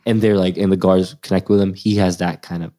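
A man's voice: deep voice, level tone, a little fast, dark tone. A man in his twenties, a guest on the show, telling a story in casual chat and acting out the voices of the people in it.

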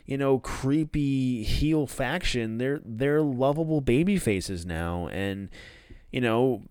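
A man hosts a casual solo review, rambling with restarts and offhand swearing. His voice is smooth and resonant. The recording is dry and close. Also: mid-range voice, lively intonation, slow, a little mellow, no echo. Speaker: wrestling podcast host.

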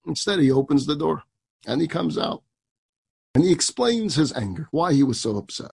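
A man's voice: on the high side, moderate pace, vocal fry, husky, no room sound. A man, a rabbi, telling a personal story in a sermon, acting out the dialogue and laughing as he goes. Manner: animated storyteller who acts out dialogue, laughs while telling.

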